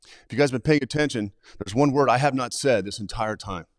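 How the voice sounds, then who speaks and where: A man's voice: mid-range voice, fast, dry recording, clean studio sound. A man who trains people in suicide prevention, talking as a guest on a live show and telling stories animatedly, acting out the dialogue. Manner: animated, acts out quoted dialogue.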